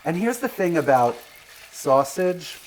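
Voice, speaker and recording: A man's voice: a little high, big pitch swings, measured pace. Middle-aged guy hosting a cooking show, chatty, keeps saying darling, light hiss behind. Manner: chatty, calls people darling. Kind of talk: casual cooking chat.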